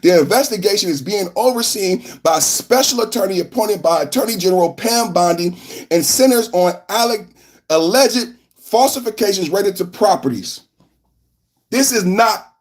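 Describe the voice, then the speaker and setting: A man hosting a live podcast, hyping viewers with chants, shouts and sing-song lines, then reading news with commentary. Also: high-pitched. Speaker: podcast host.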